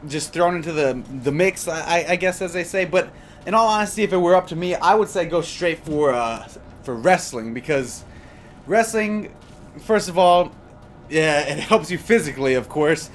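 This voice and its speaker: Young male gaming commentator, slightly high voice, loose and rambling, faint hiss behind him. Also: expressive, normal speed. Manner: rambling and chatty, with many fillers. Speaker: gaming commentator answering viewer questions. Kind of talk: casual gameplay commentary chat. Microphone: desktop USB microphone.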